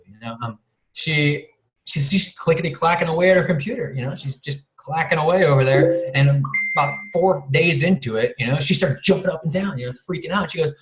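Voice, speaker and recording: A man's voice: a little high, a little fast. A man guest speaker telling a casual story over a video call, rambling, chuckling often and swearing casually. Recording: roomy video call audio.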